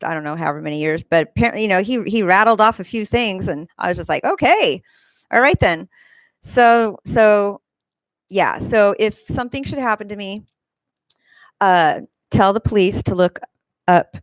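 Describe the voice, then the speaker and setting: A woman with a creaky voice hosts her own show, telling a long, rambling story in a casual monologue full of fillers and restarts, mimicking people with high squeals. The recording is rough with no room sound.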